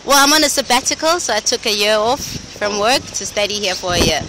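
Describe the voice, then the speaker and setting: A woman's voice: medium pitch, lively intonation, fast. South African woman, 30s, interviewee, busy street sound. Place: outdoors on a city street. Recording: street traffic noise behind.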